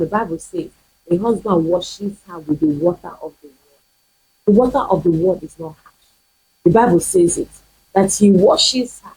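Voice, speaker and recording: A woman's voice: mid-range voice, gravelly, mellow, breathy edge, rough recording. A woman pastor, preaching emphatically in a teaching video, repeating her points and firing rhetorical questions. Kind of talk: sermon-style teaching video.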